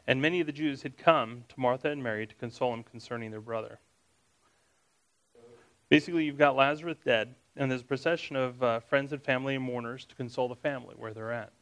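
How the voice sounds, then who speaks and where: A man leading a Bible study in an easy, conversational way. He reads passages aloud, then breaks them down with casual asides and questions for his listeners. His voice sits at an ordinary, mid-range pitch. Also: quick pace, fairly bright tone, rough recording. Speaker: Bible teacher.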